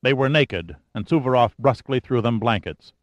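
A man reading a thriller audiobook in a steady, measured storytelling voice. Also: mid-range voice, no room sound, highs cut off. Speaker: audiobook narrator. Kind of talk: scripted thriller narration.

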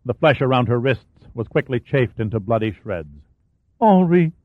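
A man reads a thriller aloud in a steady, dramatic narrating voice of middle pitch. The sound is dry and close, squeezed into a narrow, phone-like band. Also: normal speed, dry recording. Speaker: audiobook narrator.

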